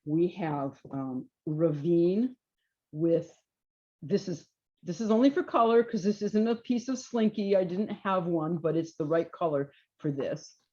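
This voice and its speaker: A woman presenting knitting yarns and jackets to a small audience in a relaxed, chatty way, often trailing off with fillers and restarts. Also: lowish voice, unhurried, dull audio. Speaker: yarn shop presenter. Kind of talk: informal trunk show presentation.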